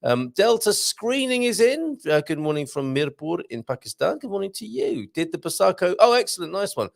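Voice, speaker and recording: Lively, gravelly man hosting a live chat. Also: sits high, normal speed, dry recording, clean studio sound. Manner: chatty, jokey, reads messages aloud with asides. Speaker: livestream host reading viewer comments.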